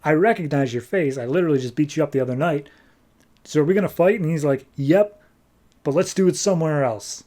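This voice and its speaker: A man hosting a comics podcast talks through an issue's plot in a loose, chatty way. His voice sits slightly high for a man, and he slips into quick paraphrased character lines as he goes. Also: mellow. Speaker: comic book podcast host. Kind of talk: casual comic recap.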